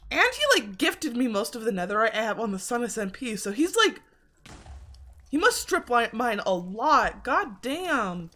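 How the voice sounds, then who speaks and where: Her voice a little high, sing-song, and a bit bright, this woman takes her time while streaming a video game. She chats casually, swears, and pokes fun at herself, her throat slightly congested.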